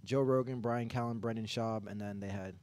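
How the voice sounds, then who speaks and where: A man's voice: fairly low pitch, steady tone, brisk, darkish tone, no room sound. Rambling man on a dry podcast mic. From Ohio. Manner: rambling, lots of fillers. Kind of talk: casual chat.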